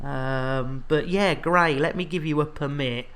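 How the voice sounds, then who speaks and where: Unhurried English man, jokey streamer. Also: on the high side, a bit bright. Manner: jokey, chatty, banter with viewers. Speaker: game streamer. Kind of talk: live stream chat reading viewer messages.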